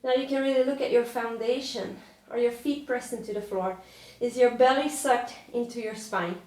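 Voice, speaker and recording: A woman's voice: a little high, steady tone, normal speed, a little mellow. A woman yoga instructor cueing a workout while doing it, out of breath and encouraging. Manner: encouraging, breathy cues with light laughter. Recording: echoey room.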